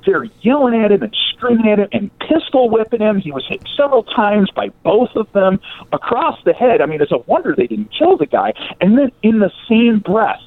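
Animated man telling a local story. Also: sits high, dry recording. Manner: animated, acts out quoted voices. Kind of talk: casual storytelling of local history. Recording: tinny phone-like sound.

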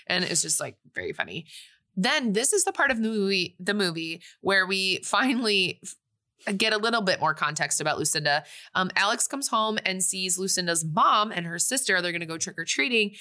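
A woman's voice: mid-range voice, moderate pace. A young woman casually recapping a movie on a podcast, animatedly acting out the characters' lines. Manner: animated, acts out characters' lines in big voices. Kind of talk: casual chat.

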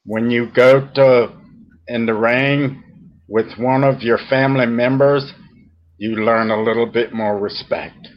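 A middle-aged man speaks as a podcast guest, unhurried and earnest. He pauses and restarts as emotion creeps in. The audio is a touch muffled. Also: mid-range voice, steady tone. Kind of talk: heartfelt interview talk.

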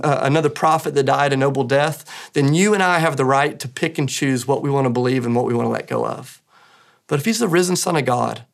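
A man's voice: a little high, gravelly. A man preaching an Easter sermon as pastor, earnest and emphatic, with rising bursts of emphasis.

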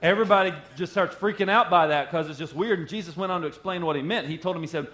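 A man's voice: on the high side, quick pace, hardly any pauses, fairly bright tone. A male pastor preaching a sermon in a conversational, joking way. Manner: conversational and joking, acting out quotes.

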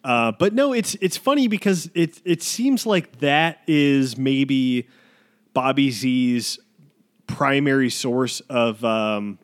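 A man's voice: medium pitch, animated, slow. A young man co-hosting a podcast, talking casually about movies, rambling with lots of fillers and restarts. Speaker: podcast co-host. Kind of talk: casual film-podcast chat.

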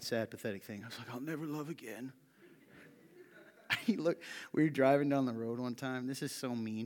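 A man preaching as a pastor, telling personal stories in an animated, joking way that swings from quiet asides to loud, excited delivery. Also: mid-range voice, gravelly. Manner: animated storytelling, shouting when quoting a friend. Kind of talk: sermon. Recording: long hall reverb.

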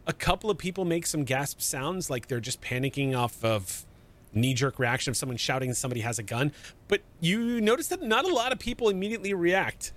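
A man narrating and running a tabletop game as game master, in calm, measured scene narration. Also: a little high.

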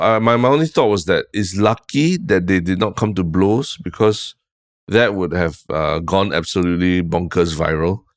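A man with a deep, low voice and a Singaporean English accent, co-hosting a casual podcast chat. He tells stories in a relaxed, rambling way and drops "lah" often. The sound is close and dry. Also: dry recording. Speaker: podcast co-host.

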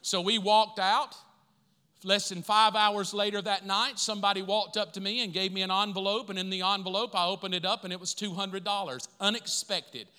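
Animated male pastor in a reverberant hall. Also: sits high, moderate pace, smooth. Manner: animated, rising to excited emphasis. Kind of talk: storytelling sermon.

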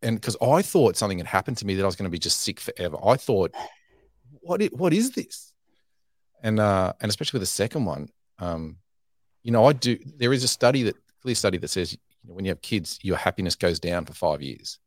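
Deep-voiced candid man. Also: lively intonation, quick pace, no room sound, studio quality. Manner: frank, self-deprecating, restarts his phrases. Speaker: podcast guest. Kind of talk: candid conversational storytelling.

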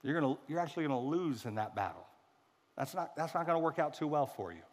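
A man's voice: fairly high pitch, animated, quick pace, big-room sound. A male pastor giving a casual, humorous sermon and acting out quoted voices. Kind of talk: conversational sermon.

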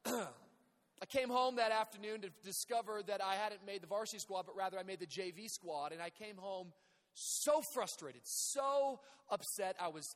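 A male pastor praying and preaching in a church, energetic and humorous, calling out to the congregation. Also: sits high, moderate pace. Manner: energetic, humorous, calls to the crowd. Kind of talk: sermon with storytelling. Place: church sanctuary. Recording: long hall reverb.

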